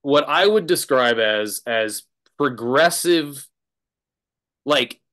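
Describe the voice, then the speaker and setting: A man's voice: mid-range voice, animated, slow, a bit bright. A man, a drummer as guest, telling a rambling story in casual chat, laughing and restarting often.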